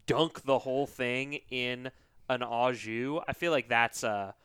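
A man jokes around in loose podcast banter. His voice is bright and crisp, and he fires off quips. The sound is dry and close. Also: mid-range voice, steady tone, measured pace, dry recording. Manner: joking, playful. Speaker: podcast co-host. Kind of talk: casual chat.

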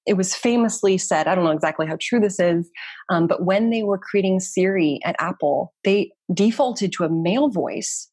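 A woman in her thirties speaks quickly and animatedly as an interview guest, with many casual fillers. Her voice sits a little low and has a husky edge. The recording is dry and close. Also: dry recording. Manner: quick, animated, chatty with frequent "like" and "you know". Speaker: guest researcher and community founder.

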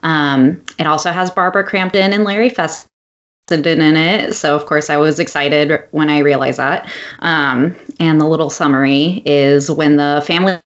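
A woman with a low voice talks casually as a podcast co-host, filling her sentences with ums and small laughs. The recording sounds somewhat dull and lo-fi. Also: steady tone, normal speed. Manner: chatty, laughs often, many ums. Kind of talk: casual chat.

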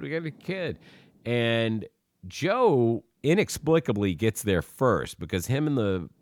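Animated, swearing man recapping a movie. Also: fairly low pitch, no room sound. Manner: animated, profane retelling with acted-out quotes. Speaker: podcast co-host recapping a movie. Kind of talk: casual chat.

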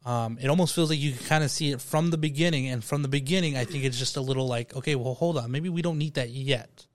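A man's voice: medium pitch, fast, no room sound. A man hosting a casual podcast chat about a movie, rambling and repeating words while he gathers his thoughts. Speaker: podcast host.

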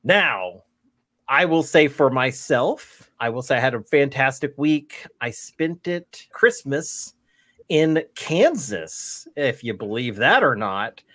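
A man's voice: mid-range voice, very animated, slow, a bit bright, no echo. A man hosting a podcast in casual chat, rambling and laughing through his words. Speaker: podcast host.

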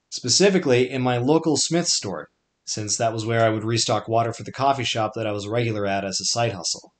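A man's voice: medium pitch, moderate pace. A young man narrating his own podcast memoir in a wry, conversational way, with dry asides. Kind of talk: scripted personal narration.

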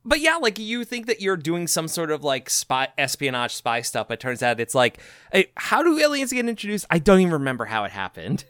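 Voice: mid-range voice, huge pitch swings, a little fast, a bit bright, clean tone. A podcast co-host chatting casually about a video game, blunt and profane with wry jokes.

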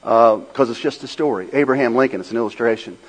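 A man preaching a sermon. He swings between loud, rhythmic, repeated phrases and a low, quiet storytelling tone, over faint music. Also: quick pace, rough recording. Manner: swells into loud, rhythmic repetition. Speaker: pastor.

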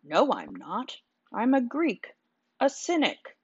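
A woman voicing a huge, wild village idiot who turns out to be a calm philosopher, speaking slowly and bluntly. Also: on the high side, breathy edge, no echo, voice pushed up, full character voice. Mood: calm, preaching. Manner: slow, simple, blunt speech. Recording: dull, dry sound.

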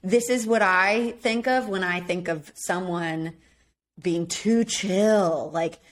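A woman's voice: on the low side, a little slow, a bit bright. A woman co-hosting a podcast in a casual chat, talking in a chatty way full of "like" and laughing often. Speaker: podcast co-host. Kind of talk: casual chat recapping a reality show.

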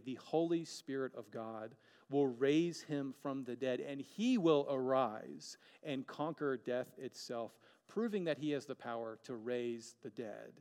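A man's voice: mid-range voice, a little mellow, big-room sound. A man preaching a sermon as a pastor, earnest, with rhetorical questions and dramatic shifts of pace.

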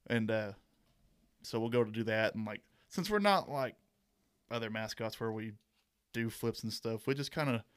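A man's voice: fairly low pitch, normal speed, pauses often, clean tone. A young man, a university mascot performer, chatting as a guest in an easygoing, rambling way. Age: young adult. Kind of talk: casual interview chat.

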